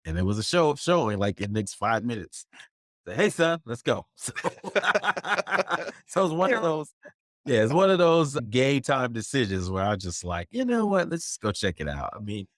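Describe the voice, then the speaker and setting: A man's voice: mid-range voice, sing-song, moderate pace, fairly bright tone, dry recording, clean studio sound. A man in his thirties co-hosting a pop culture podcast, easygoing and chatty, addressing listeners directly. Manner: easygoing, laughs along, talks to the audience. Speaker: podcast co-host. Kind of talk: casual chat.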